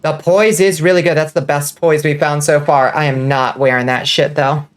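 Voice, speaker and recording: A woman with a faint Southern accent and a slight lisp, giving casual gaming commentary while enunciating clearly. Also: sits low, steady tone, normal speed. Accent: subtle Southern US. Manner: clear enunciation, swears and laughs often. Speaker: vtuber streamer.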